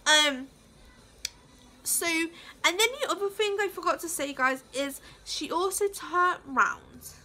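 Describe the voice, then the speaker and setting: A woman's voice: very high voice, takes it slowly, bright, forceful tone, slight background noise. A woman vlogging in a casual, heated rant, rambling with lots of swearing and fillers. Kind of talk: casual ranting vlog.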